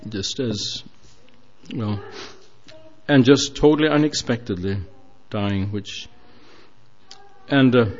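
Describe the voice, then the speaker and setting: A man preaches a sermon at a slow, deliberate pace, earnest and a little hesitant. The recording is dull and lo-fi. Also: mid-range voice. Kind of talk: sermon storytelling.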